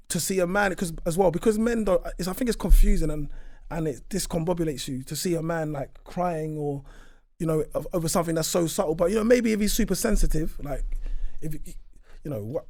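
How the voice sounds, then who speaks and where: A man's voice: a little high, fast talker, no echo, studio quality. A man co-hosting a casual book discussion, telling stories with lots of restarts. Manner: animated storytelling, frequent restarts. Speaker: podcast co-host.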